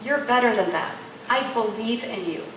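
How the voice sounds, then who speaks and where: Animated woman teaching in an echoey room. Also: fairly high pitch, moderate pace. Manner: animated storytelling with acted-out dialogue and laughter. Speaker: women's ministry teacher. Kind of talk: teaching talk to women. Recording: strongly echoey room with faint noise.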